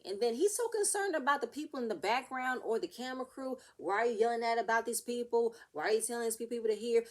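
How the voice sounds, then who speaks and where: A young woman talks through a reality TV episode in a casual vlog recap. Her voice sits a little high, and she rants with real heat, slipping into the cast's quotes as she goes. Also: expressive, brisk.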